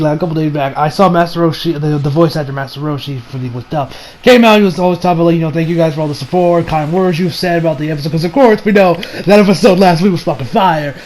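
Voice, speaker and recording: Excitable high-voiced man rambling casually. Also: poor audio. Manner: rambling, excitable, with slang and swearing. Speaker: anime reviewer. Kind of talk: casual episode review.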